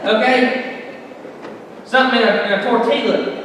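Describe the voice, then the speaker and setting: A man's voice: high-pitched, normal speed. A young man preaching a sermon in a church, folksy and joking, telling stories about his family. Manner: folksy, joking, Southern turns of phrase. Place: church sanctuary. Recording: echoey hall from far off, faint noise.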